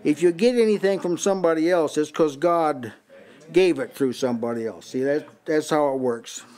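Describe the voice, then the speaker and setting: A man's voice: on the high side, normal speed, darkish tone. An older man preaching in a small house church, often restarting his words and reading out Bible passages in several translations. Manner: repeats words as he restarts, reads and compares many translations. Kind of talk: sermon.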